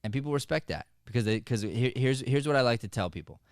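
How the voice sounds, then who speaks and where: Energetic, joking male podcast host. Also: mid-range voice, fast, dry recording, clean studio sound. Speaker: acting coach and podcast host. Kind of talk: motivational podcast talk.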